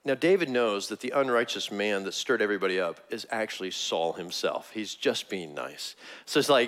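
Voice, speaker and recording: A man preaching a sermon, retelling scripture and acting out its figures in a raised, excited voice. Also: mid-range voice, quick pace. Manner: animated, acts out biblical figures in a raised voice. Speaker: pastor.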